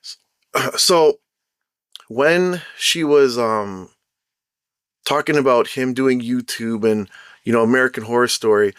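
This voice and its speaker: A man's voice: medium pitch, takes it slowly, pauses often, clean tone, no echo, studio quality. Chatty man retelling a show. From Caribbean background. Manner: animated retelling, acts out quotes. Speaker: show host. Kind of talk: casual commentary.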